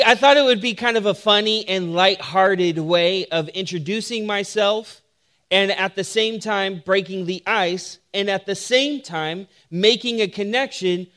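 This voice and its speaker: A man with a notably high voice delivers a sermon as a pastor. He tells stories with humor and lively timing, then settles into steady teaching. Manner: humorous storytelling, animated when telling the joke. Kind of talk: sermon with personal story.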